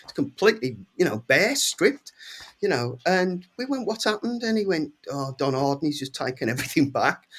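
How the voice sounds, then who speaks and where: English man in his sixties telling animated stories. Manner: lively anecdotes, acts out quoted voices with big pitch jumps. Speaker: guest musician. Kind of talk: casual storytelling.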